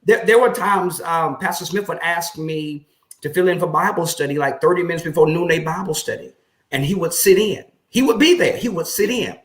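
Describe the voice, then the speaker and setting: A man who is a pastor, telling his story in an interview in an earnest, reflective way that grows lively when he recounts conversations. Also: fairly high pitch, fairly quick. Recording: echoey room.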